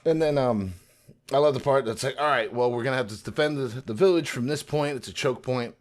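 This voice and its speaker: A man chatting on a podcast, animatedly retelling scenes and slipping into quick character voices. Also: mid-range voice. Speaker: podcast co-host. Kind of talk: casual podcast discussion.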